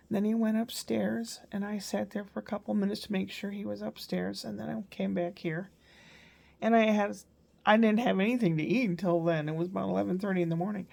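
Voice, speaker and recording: A grandmother vlogs a casual, rambling recap of her day, drifting through it like a story. Her voice is mid-range, gravelly, and a little mellow.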